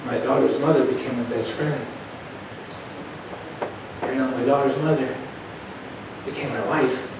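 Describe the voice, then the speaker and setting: A man's voice: mid-range voice, steady tone, a little slow, pauses often, very noisy. A middle-aged man preaching a sermon, telling personal stories in a folksy, conversational way and asking the crowd questions. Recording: echoey hall, taken from far off.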